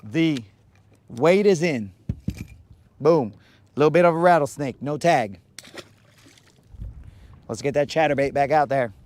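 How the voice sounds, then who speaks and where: A man's voice: fairly high pitch, measured pace, pauses often, darkish tone, a little hiss or hum. A man hosting a live fishing vlog outdoors on a lake, with playful, hyped banter full of Spanish slang. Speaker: angler, channel host.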